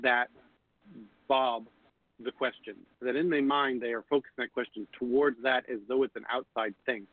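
A man's voice: medium pitch, fairly even intonation, fairly quick, no echo. A man who teaches pendulum use, explaining thoughtfully in casual conversation. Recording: phone-like dry audio.

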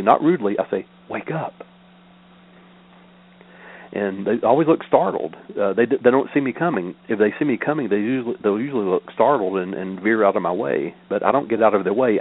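An older man, a meditation teacher, reads scripture aloud in a measured, deliberate cadence and adds spoken commentary between passages. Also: lowish voice. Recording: narrow, tinny phone-like audio.

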